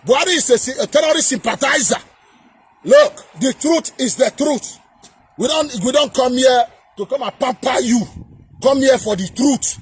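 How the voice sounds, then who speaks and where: A man with a Nigerian accent delivering a heated political rant to camera, repeating himself and often shouting. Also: very high voice, moderate pace, breathy edge, faint music behind. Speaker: political commentator.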